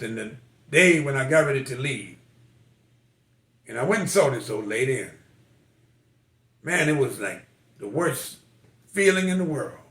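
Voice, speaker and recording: A man's voice: medium pitch, pushed and bright. Older man telling stories, echoey room. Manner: folksy, emotional storytelling with quoted voices. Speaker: military veteran telling life stories. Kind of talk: personal storytelling.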